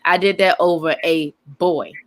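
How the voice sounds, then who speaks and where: A young woman co-hosting a casual group chat, telling a story in an animated, slangy way with frequent laughter. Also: on the low side, a little slow. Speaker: co-host.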